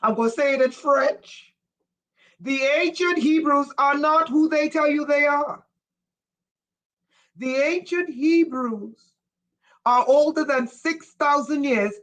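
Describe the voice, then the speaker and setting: A woman gives a live-streamed spiritual lecture at an unhurried pace. She stresses her main points by saying them again slowly and stops often to check that her viewers are following. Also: sits high, fairly bright tone, rough recording. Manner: emphatic, repeats key lines slowly for effect; asks listeners questions. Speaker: spiritual teacher.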